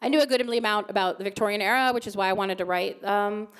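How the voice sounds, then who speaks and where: A woman's voice: medium pitch, fast. A woman in her thirties answering fan questions on stage, chatty, with lots of fillers and laughter. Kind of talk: casual Q&A on stage.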